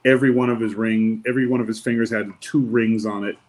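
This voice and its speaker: Talking casually on a podcast, this wrestler and ex-bodyguard works through a long anecdote with wry, easygoing humor, performing the quotes of the people involved. His voice is lowish and fast, with fairly even intonation. Recording quality is low.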